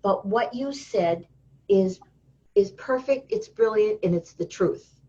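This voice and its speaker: A woman guest in an interview, telling stories in a lively way and acting out the voices of the people she quotes. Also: mid-range voice, takes it slowly, vocal fry. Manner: lively storyteller who acts out quoted voices. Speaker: interview guest, healing teacher. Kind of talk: casual interview talk. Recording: dull lo-fi sound.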